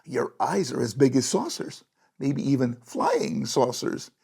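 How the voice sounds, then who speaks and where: A storyteller reading a bedtime storybook and voicing the Lamb King, a playful, wise male figure who chuckles, in a gravelly, breathy voice. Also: mid-range voice, huge pitch swings, measured pace, darkish tone, pitched below the performer's own voice, exaggerated voice.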